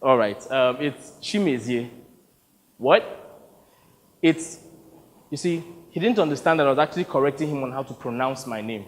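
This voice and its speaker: Nigerian male monologue performer, lively pitch, wry, stage hall reverb. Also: fairly quick, pauses often. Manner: wry, storytelling, expressive. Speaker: solo stage performer narrating. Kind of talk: one-man theatre monologue.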